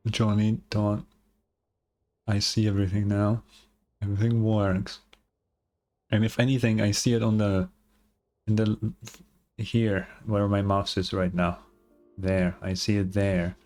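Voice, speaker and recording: A man's voice: fairly low pitch, level tone, a little slow, long pauses, a little mellow, soft background music. A man from Europe streaming a game, rambling casually and repeating himself as he answers chat. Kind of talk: casual live-stream commentary.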